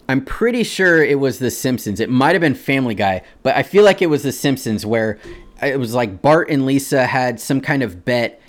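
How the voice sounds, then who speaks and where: A man hosting a podcast, reading out a forum post and then ranting about it casually and indignantly, swearing freely. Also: medium pitch. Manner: indignant, swearing, mocking voices in quotes. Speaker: podcast host.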